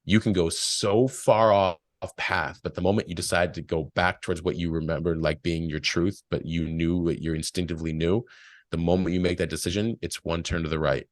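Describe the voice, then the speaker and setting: A man's voice: low voice, fairly even intonation, brisk, no echo, clean studio sound. A man speaking as a podcast guest, giving earnest spiritual life advice in a rambling, storytelling way. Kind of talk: casual spiritual advice chat.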